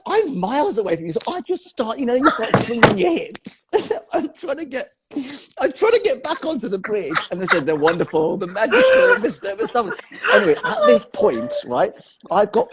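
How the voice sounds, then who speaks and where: A man, a choreographer guest chatting casually and telling a funny story in an animated way, full of fillers. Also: high voice, heavy background noise.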